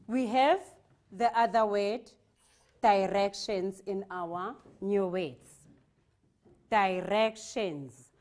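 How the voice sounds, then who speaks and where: A South African woman teaching young children in a classroom, speaking in a deliberate, clearly articulated way. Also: mid-range voice, steady tone, darkish tone. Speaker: primary school teacher.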